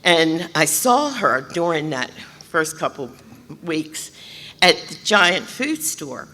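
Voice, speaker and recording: A woman telling her recovery story at a convention, animated, acting out other people's voices and laughing often. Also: sits low, slow pace. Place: large convention hall. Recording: reverberant hall, faint room noise.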